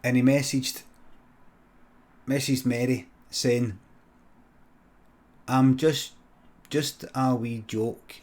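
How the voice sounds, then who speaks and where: Scottish male comic, mid-pitched, deadpan improv storyteller, swears freely, mutters asides. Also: very slow, long pauses. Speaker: comedian streamer.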